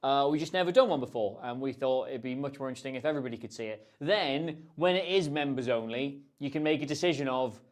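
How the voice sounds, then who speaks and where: A man's voice: mid-range voice, expressive, quick pace, hardly any pauses, darkish tone. A man hosting a casual livestream, answering viewer questions in a chatty, rambling, self-deprecating way. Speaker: host.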